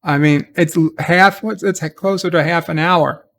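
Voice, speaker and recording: A man's voice: a little high, steady tone, normal speed, creaky, fairly bright tone. A man giving a rambling, exasperated spoken review of a TV episode, often restarting his sentences. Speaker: TV show reviewer.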